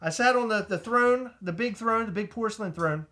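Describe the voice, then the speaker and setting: A man co-hosting a podcast, telling a comedic story in an animated, excitable way, stumbling over restarts and shouting out retold lines. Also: high-pitched, normal speed. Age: adult with a child. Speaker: podcast co-host.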